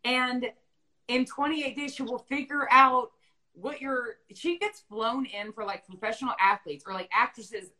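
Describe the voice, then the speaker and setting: A woman hosting a relaxed chat show, her voice bright and forward. She tells stories with lots of energy and slips into little voices when she quotes people. The talk is loose and conversational. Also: on the high side, unhurried, low-quality recording. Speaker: podcast host. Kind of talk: casual chat.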